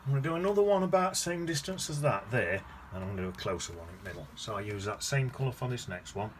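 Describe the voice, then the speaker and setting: A man's voice: mid-range voice, lively intonation, fast talker. A man teaching watercolour, chatting casually and thinking aloud as he paints, often correcting himself. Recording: noticeable background noise.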